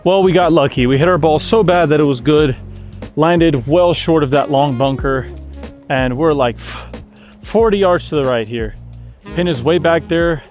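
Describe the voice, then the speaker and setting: Guy vlogging his golf round outside, bit high-pitched, hypes up every shot, soft music under it. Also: moderate pace. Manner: excitable, exclaims loudly after shots. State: out of breath. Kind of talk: on-course golf commentary. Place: outdoors on a golf course.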